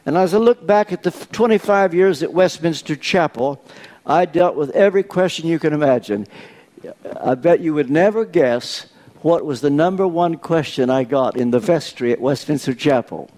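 A man's voice: on the high side, a little mellow. An older man preaching a sermon, telling stories with dry humor. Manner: unhurried storytelling with dry humor.

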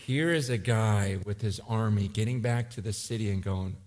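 A man in his forties preaching a sermon, telling a story with animated swings between loud urgency and quiet intensity. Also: medium pitch, normal speed, hardly any pauses. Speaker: pastor.

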